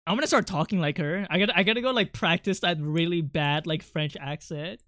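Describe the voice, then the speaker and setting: A male streamer chatting casually, rambling along with many fillers and quick restarts. His voice is bright and smooth, recorded on a close desk mic in a dry, dead room. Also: a little high, no echo. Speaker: livestreamer.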